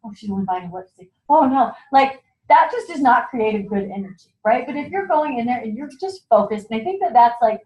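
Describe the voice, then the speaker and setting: A woman's voice: a little high, animated. A woman giving a chatty sales training talk at a meeting, acting out what customers say. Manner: chatty, acts out customer lines in quick voices. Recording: echoey room, dull lo-fi sound.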